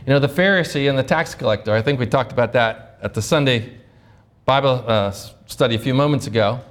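A pastor preaching a sermon, asking rhetorical questions and acting out sample prayers. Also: male voice, medium pitch, a little fast.

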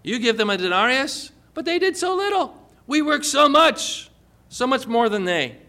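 A man's voice: high-pitched, moderate pace, smooth. A man voicing astonished, grumbling male day laborers with incredulous outbursts. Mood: indignant. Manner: incredulous, excited exclamations.

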